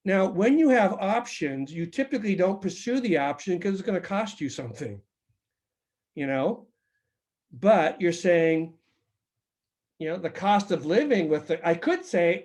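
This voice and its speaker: Man teaching a seminar, slightly higher voice. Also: animated, a little slow, darkish tone. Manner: conversational, acts out sample dialogues. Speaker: seminar presenter, mediator.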